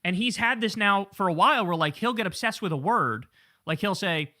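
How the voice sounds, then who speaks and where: Bright, high-voiced profane male host. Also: animated, fairly quick, no echo, studio quality. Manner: blunt, profane and incredulous. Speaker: political commentary host. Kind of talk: casual political commentary.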